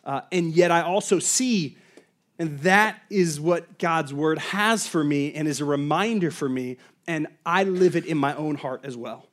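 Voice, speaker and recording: A man in his thirties preaching a sermon, telling a personal story in a lively way with frequent fillers and asides. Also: a little high. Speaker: pastor.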